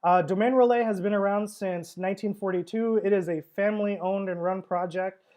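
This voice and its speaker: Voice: medium pitch, fairly even intonation, fairly quick, darkish tone. A wine seller hosting a casual livestream tasting, talking in a chatty, rambling way with frequent fillers and laughs.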